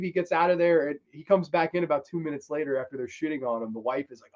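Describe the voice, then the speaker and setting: A man's voice: on the high side, fairly even intonation, brisk, few pauses, warm tone. A man hosting a movie review show, talking casually and enthusiastically in a rambling, profane style. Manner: enthusiastic, rambling, swears freely. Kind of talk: casual film countdown talk. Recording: dull lo-fi recording.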